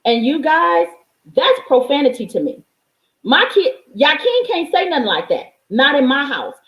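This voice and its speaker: This motivational vlog comes from an adult woman life coach and parent of a young child, who speaks to viewers in a preachy, emphatic way, repeats lines for stress and swears freely. Her high voice is sing-song and a bit bright at a moderate pace, and the audio sounds roomy and rough.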